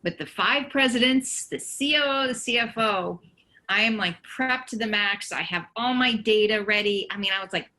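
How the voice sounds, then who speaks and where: Woman telling lively career stories. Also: medium pitch, moderate pace, rough recording. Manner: lively anecdotes with laughter. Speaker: panelist. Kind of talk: casual panel storytelling.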